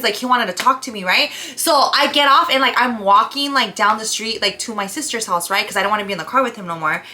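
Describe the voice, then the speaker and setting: A young woman, telling a story in a casual, profane, animated way, full of "like" and "right?". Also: a little high. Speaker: vlogger.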